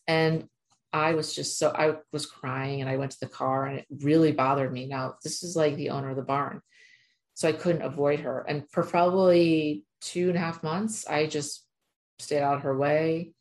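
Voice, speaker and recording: A woman's voice: low-pitched, steady tone, moderate pace. A woman who works as an animal communicator, telling a personal story in a chatty, emphatic way with lots of fillers. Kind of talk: casual storytelling monologue.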